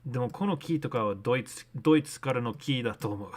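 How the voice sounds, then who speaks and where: A man's voice: medium pitch, very fast, darkish tone. Casual man streaming, thinking aloud. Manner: thinking aloud, mixing English and learner Japanese. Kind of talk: casual live-stream commentary.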